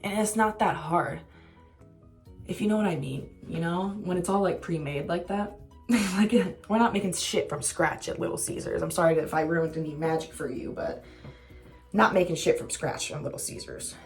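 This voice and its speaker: A young woman vlogger tells a relaxed storytime with candid, self-deprecating humor and plenty of swearing. Her voice is fairly low and her pace moderate, with soft music playing underneath.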